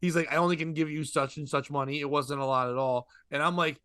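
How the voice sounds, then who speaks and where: A man's voice: a little high, clear, resonant tone, dry recording, studio quality. A man telling a long rambling comedy story in casual podcast chat. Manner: rambling, animated, quick asides and laughs.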